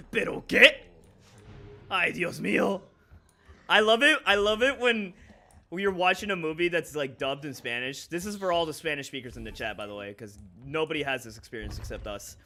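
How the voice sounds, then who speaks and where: A man's voice: a little high, a little fast, bright, forceful tone. A man streaming a video game, chatting casually and joking, laughing often and tossing in Spanish exclamations. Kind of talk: casual chat while gaming.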